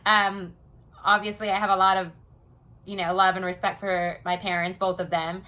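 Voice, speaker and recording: A woman's voice: mid-range voice, little pitch movement, moderate pace, pushed and bright. A young American woman talking casually in a personal diary vlog, rambling with many "you know" and "um" fillers. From United States. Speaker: vlogger.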